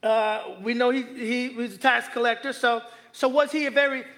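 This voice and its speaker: A man preaching a sermon in a conversational, joking way, stretching key phrases slowly for emphasis. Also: extremely high pitch, steady tone, a bit bright. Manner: conversational, joking asides with the congregation. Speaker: pastor.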